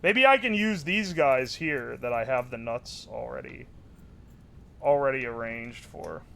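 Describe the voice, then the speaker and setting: A man's voice: mid-range voice, lively intonation, unhurried, vocal fry, fairly bright tone, a little hiss or hum. A man streaming live, joking with his chat and thinking aloud while he builds something. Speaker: livestreamer. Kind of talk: casual livestream chat.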